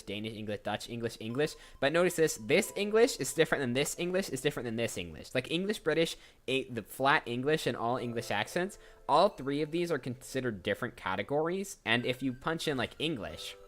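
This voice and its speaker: A man's voice: medium pitch, lively intonation, a little fast, fairly bright tone. Chatty rambling male streamer. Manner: chatty, rambling, restarts mid-sentence while browsing. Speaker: voice actor streamer. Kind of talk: casual livestream talk, thinking aloud. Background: faint background music.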